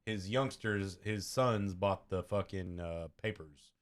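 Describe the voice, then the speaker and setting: A man's voice: sits low, slow pace. Laid-back rambling podcast co-host man. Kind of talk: casual podcast chat.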